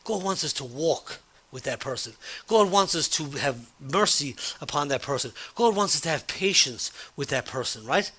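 A man preaching a sermon, talking conversationally through a personal story, with frequent restarts and an animated retelling of dialogue. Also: fairly high pitch, moderate pace, breathy edge. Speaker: pastor.

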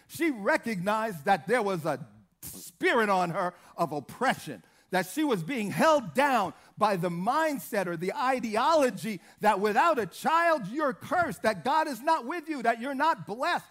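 Give me a high-pitched male preacher giving an emphatic sermon. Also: sing-song, measured pace, a bit bright. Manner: emphatic, repetitive, exclamations of hallelujah.

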